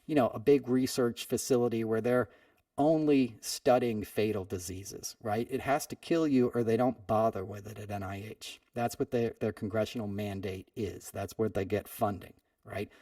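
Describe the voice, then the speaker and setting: A man's voice: fairly low pitch, steady tone, normal speed, dark tone, dry recording. Guy telling a story on his podcast, lots of "you know", kinda far off the mic, dry sound. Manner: conversational, heavy "you know" fillers. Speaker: podcast host. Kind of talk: storytelling monologue.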